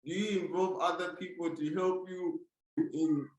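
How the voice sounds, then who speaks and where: A man's voice: fairly high pitch, steady tone, unhurried, a little mellow. A man interviewing a guest, asking questions hesitantly with many fillers. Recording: echoey room.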